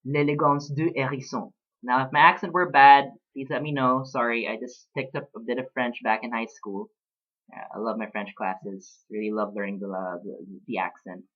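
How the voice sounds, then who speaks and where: A man in his late twenties speaks in a casual personal vlog, thoughtful and unhurried, with frequent pauses and fillers. His voice sits at an ordinary middle pitch. The recording sounds a little dull and lo-fi. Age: late 20s. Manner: reflective, talks about books with pauses and fillers. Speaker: vlogger.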